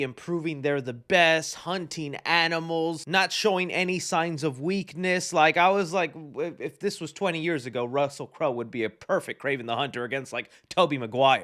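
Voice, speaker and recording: A man giving a casual spoiler film review with sarcastic, animated asides. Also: a little high.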